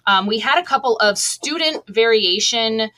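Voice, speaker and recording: A woman's voice: fairly high pitch, expressive, moderate pace, pushed and bright. A middle-aged woman, an online seller, talking casually as an interview guest with a chatty, laughing manner and many restarts.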